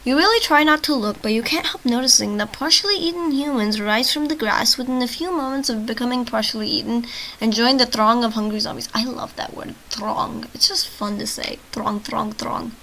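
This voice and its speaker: A woman reading a text adventure game aloud for her channel, her voice a little high and very bright and forceful. She stumbles over words, restarts and keeps stepping out of the story to joke about it. She is short on sleep. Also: a little fast, a little hiss or hum, rough recording. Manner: trips over words and restarts, breaks off into joking comments. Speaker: gaming channel host.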